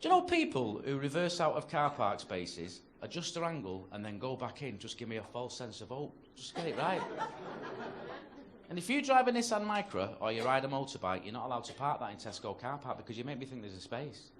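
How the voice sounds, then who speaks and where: This man has a mid-range voice with big pitch swings and a fairly quick delivery, and crowd noise is audible. A Northern English comic from North-West England, he's on a comedy club stage with a handheld mic, telling sweary, chatty stories. The live club recording is noisy, with the audience laughing behind him.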